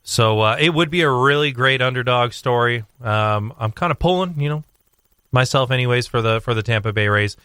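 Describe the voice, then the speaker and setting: A young man talking sports on a radio show, rambling with fillers and restarts as he tells a story with growing excitement. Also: medium pitch, brisk, clean tone, dry recording, studio quality. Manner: animated storytelling. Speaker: sports commentator guest. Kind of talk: casual radio sports chat.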